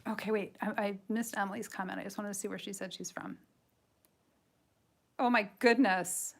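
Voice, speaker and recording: A woman's voice: mid-range voice, fairly even intonation, moderate pace, gravelly. A woman with a light Michigan accent and a slightly nasal voice hosts a casual coloring livestream. She rambles, giggles, and pokes fun at herself while explaining each step. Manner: chatty, giggly, self-deprecating, rambling. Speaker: livestream host and coloring artist.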